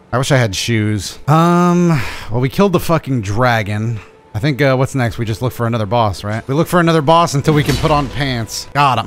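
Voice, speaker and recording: A young man giving casual, profane let's play commentary, excitable and trash-talking as he plays. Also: medium pitch. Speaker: gaming channel host.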